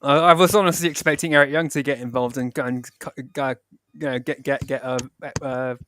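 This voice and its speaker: A man's voice: mid-range voice, fairly even intonation, normal speed, fairly bright tone, dry recording. Brief: male co-host, agreeable, stumbling delivery, dead-dry mic. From United Kingdom. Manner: stammering, agreeable back-and-forth. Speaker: podcast co-host. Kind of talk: casual wrestling review chat.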